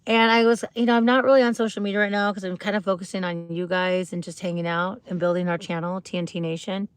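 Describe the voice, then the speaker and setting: A woman's voice: medium pitch, fairly even intonation, quick pace, clean tone, no room sound. A woman hosting a casual livestream, chatting bubbly and rambling with viewers, greeting them and asking questions. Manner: rambling, with many fillers and restarts. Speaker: livestream host.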